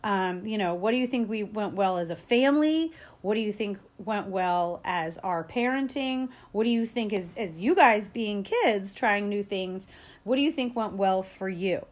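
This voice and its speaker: Woman, parenting educator, casual upbeat advice, medium pitch, lots of fillers. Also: lively intonation, moderate pace. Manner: chatty and upbeat, acts out quoted parents and kids; frequent fillers and small laughs.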